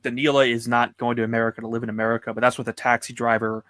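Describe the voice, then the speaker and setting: A man's voice: medium pitch, little pitch movement, very fast, a bit bright, no echo. A man hosting a casual chat, prompting his guest with loose, hesitant questions. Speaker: host.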